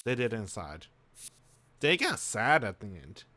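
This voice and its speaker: A man's voice: on the low side, sing-song, a little slow, pushed and bright, no echo. A man streaming a visual novel, musing aloud in casual slang as he reacts to the story. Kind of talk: casual let's-play commentary.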